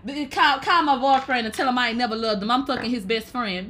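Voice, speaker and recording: A woman hosting a casual livestream, reading viewer comments aloud in a brash, profane way and laughing loudly often. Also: on the high side, brisk, hardly any pauses, slight background noise. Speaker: livestream host.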